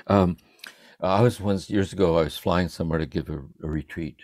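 Older man, deep and gravelly, meditative. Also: fairly quick, no echo. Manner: meditative, softly trailing phrases. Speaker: spiritual retreat speaker. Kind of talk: contemplative spiritual reflection. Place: room at home. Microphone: livestream computer mic.

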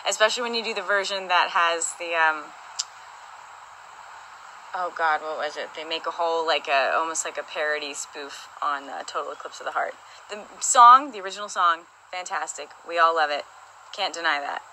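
A woman with a bright, forward tone chats cheerfully on a livestream from home. She is bubbly and laughs easily, and faint noise sits under her voice. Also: low-pitched, normal speed, poor audio. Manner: bubbly, chatty, laughs often. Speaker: co-host of a livestream. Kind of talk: casual livestream chat. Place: their home.

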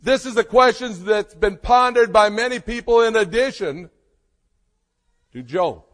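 A man preaching in a high, unhurried voice, leaning on each word with emphatic weight and long pauses. His sermon rings out with a long reverb trailing behind it. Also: a bit bright. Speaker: pastor.

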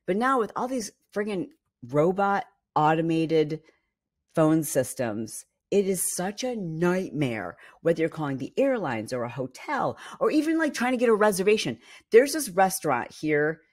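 A woman hosting a casual podcast monologue, ranting with animated exasperation and lots of fillers. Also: on the low side, moderate pace. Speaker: podcast host.

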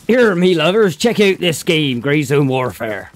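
A man's voice: on the high side, pitched above the performer's own voice, full character voice. A man with a Bristolian accent putting on a hammy pirate-like West Country announcer voice to plug a game. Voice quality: drawn-out, theatrical, laughing through it.

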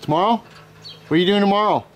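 A man's voice: sits high, quick pace, a little hiss or hum. A young man, filming friends outdoors and joking in crude, profane banter. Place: outdoors at a house. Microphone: handheld camera.

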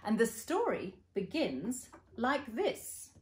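Slow, playful Australian storyteller woman. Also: on the high side. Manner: playful, animated sound effects, addresses listeners. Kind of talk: storytelling for children.

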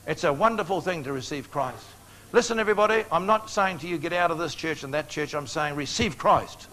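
An older man preaching a sermon in a large meeting hall, telling stories in an animated way. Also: fairly high pitch. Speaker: evangelist.

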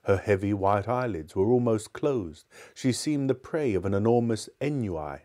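A man's voice: fairly low pitch, expressive, normal speed, dark tone. A man hosting a book club, reading a short story aloud and then chatting casually with listeners. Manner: casual, chatty, hesitant when speaking off the page.

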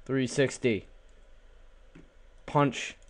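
A man's voice: medium pitch, fairly even intonation, drawn-out words. Goofy young man narrating his gameplay. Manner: goofy, talks to the animals, repeats words in a silly chant. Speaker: gaming channel host. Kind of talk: casual let's play commentary.

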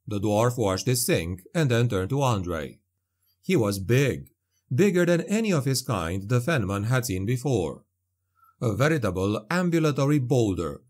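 A man reading a dark fantasy story aloud as an audiobook narrator, measured and vivid. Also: mid-range voice.

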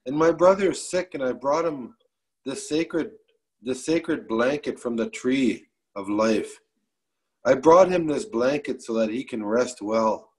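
Desperate young sister in a spoken tale, voiced by a male storyteller. Earnest, defiant, slow and steady. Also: mid-range voice, breathy edge, voice pushed down, poor audio. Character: desperate young woman pleading for her dying brother.

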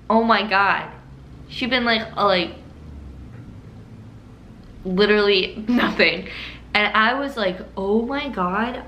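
A young woman vlogger telling a childhood story in a chatty, animated way, with lots of laughs and filler words. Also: medium pitch. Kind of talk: casual story-time monologue. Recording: roomy room echo with faint hiss.

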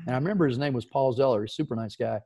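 A middle-aged man from the East Coast of the United States, a guest telling an animated story in a casual interview and acting out the voices of the people in it. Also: medium pitch, rapid-fire, gravelly.

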